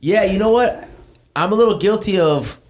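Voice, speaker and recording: A man's voice: sits high, animated, moderate pace, a little mellow. Agreeable man co-hosting a podcast. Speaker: podcast co-host. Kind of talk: casual chat.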